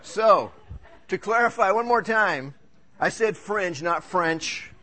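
A pastor preaching to his church, a man whose voice sits a bit higher than most. He talks in an easy, conversational way and tells stories with a joking touch. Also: animated, a little slow, sharp tone. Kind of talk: sermon. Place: church service.

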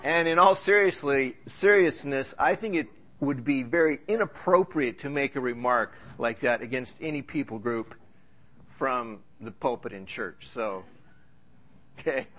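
A man's voice: medium pitch, a little slow, a bit bright. A man preaching a sermon as pastor in a church service, talking in a conversational, joking, storytelling way.

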